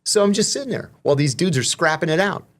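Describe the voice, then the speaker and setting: A man, a guest on an interview show, telling profane stories in a casual, animated way. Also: a little high, quick pace. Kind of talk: casual storytelling.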